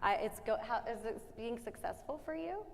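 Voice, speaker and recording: Woman choir director coaching singers, jokey and brisk, higher voice, long echo from a big hall. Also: expressive, vocal fry. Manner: joking, brisk, demonstrates sung phrases. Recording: long hall reverb with faint music.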